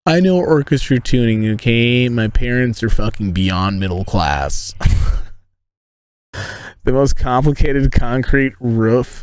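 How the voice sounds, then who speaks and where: A man's voice: mid-range voice, expressive, a little slow, darkish tone, clean tone, dry recording. A man from the United States live-streaming from inside a tent, rambling and joking with his viewers and swearing often. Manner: rambling, profane, joking, talks to chat. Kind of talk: casual live-stream chat.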